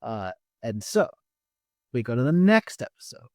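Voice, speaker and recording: A man co-hosting a podcast, recapping episodes in a measured, slightly hesitant way with frequent pauses. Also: mid-range voice, big pitch swings, dry recording, studio quality. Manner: measured, hesitant, many "uh" fillers. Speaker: podcast co-host. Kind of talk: casual chat, recapping episodes.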